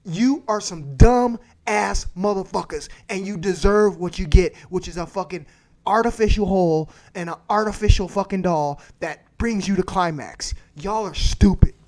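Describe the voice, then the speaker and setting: A man's voice: sits high, moderate pace, darkish tone. A man hosting a livestream, giving blunt, crude advice and repeating his points for emphasis. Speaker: livestream host. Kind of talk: profane advice rant.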